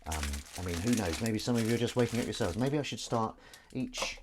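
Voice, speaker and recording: A man with a fairly low voice talks casually and jokily while he does the dishes at home. Plates, pots and cutlery clatter clearly behind him. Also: fairly quick, background noise. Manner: chatty, self-aware, jokey. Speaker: live-stream host. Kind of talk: casual rambling monologue. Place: home kitchen at the sink.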